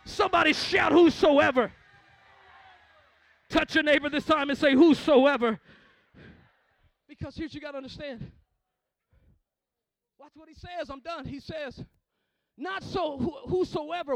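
A male pastor preaching a sermon, calling out to the congregation and swinging from hushed storytelling to shouting. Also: extremely high pitch, vocal fry, no room sound.

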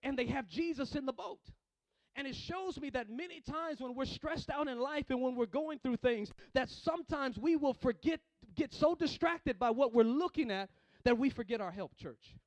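A male pastor preaching to his church in a strikingly high voice. He repeats phrases over and over and builds into fervent, raised calls. The recording is dry and close. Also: normal speed, dry recording, poor audio. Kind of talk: sermon.

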